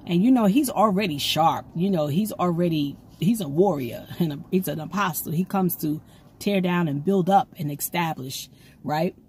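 A woman giving an excitable, rambling prophetic message to her viewers, recorded on her own camera at home. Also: fairly low pitch, normal speed, slight background noise. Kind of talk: casual prophetic video message. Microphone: camera she sets up herself.

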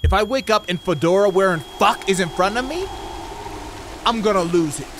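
A man giving profane, incredulous let's-play commentary, ranting loudly at a game. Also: high voice, animated, normal speed, noisy background. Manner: loud, cursing, incredulous rants. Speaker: gaming YouTuber.

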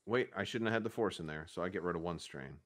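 A man's voice: low voice, quick pace, a bit bright. A man playing a tabletop role-playing game, joking and laughing as he chats with his party. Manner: joking, playful, laughs often. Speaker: player. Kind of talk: casual tabletop game chat.

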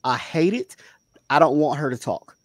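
A man's voice: fairly high pitch, expressive, moderate pace, no room sound. A man from the Southern United States, co-hosting a casual review chat and stressing his points with repeated words. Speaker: podcast co-host.

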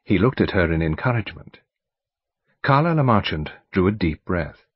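British guy reading a mystery book, husky voice, lots of pitch movement, dull dry sound. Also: no room sound. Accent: British English. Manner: measured, expressive reading. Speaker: audiobook narrator. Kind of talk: scripted narration. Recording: dull dry studio recording.

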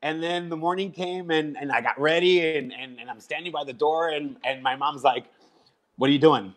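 A man guest from Chicago telling his life story in a live interview, animated and repeating himself as he acts out quoted voices. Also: a little high, moderate pace.

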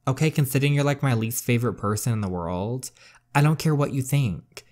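A man's voice: medium pitch, fairly quick, darkish tone, lightly acted. A man reading as a dry, bookish teen girl. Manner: dry, wry. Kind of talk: reading a story game aloud.

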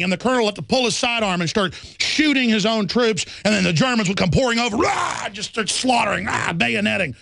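Guy hosting a talk radio show, high voice, ranting hard and combative, dry close sound. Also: animated, a little fast, vocal fry, few pauses, fairly bright tone, dry recording. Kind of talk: fiery political monologue.

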